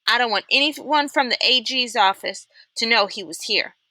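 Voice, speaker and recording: A woman voicing a cold, menacing female camp warden in a read-aloud, asking clipped, probing questions in a bright voice. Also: on the high side, normal speed, dry recording, pitched above the performer's own voice.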